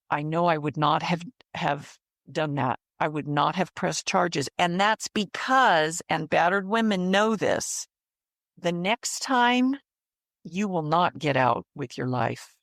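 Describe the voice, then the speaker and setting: A woman in her fifties recounts her past in a slow, deliberate way, her voice carrying a gravelly edge. She speaks with earnest, repetitive phrasing. The recording is close and dry. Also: fairly low pitch, no room sound. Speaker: interview guest. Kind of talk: personal testimony in interview.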